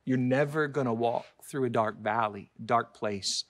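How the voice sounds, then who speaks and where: A man preaching a sermon as pastor, emphatic, with sudden loud high peaks and soft low asides, repeating words for emphasis. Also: a little slow, a little hiss or hum.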